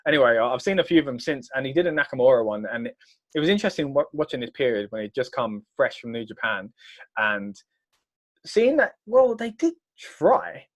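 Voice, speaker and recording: A man's voice: mid-range voice, sing-song, a little fast. A man co-hosting a casual wrestling reaction chat, rambling and trailing off mid-sentence. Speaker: co-host.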